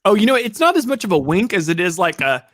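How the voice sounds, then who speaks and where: A man cutting in with teasing asides in a casual sports chat. His voice is a bit high for a man, and the recording is dry and close. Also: big pitch swings, fast talker, fairly bright tone, dry recording. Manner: chatty, teasing, jumps in with asides. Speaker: podcast co-host.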